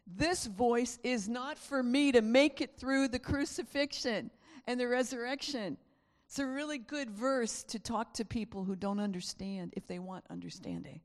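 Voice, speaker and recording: A woman's voice: a little high, normal speed, big-room sound. A woman preacher giving an emphatic, repetitive sermon and sometimes dropping to a whisper.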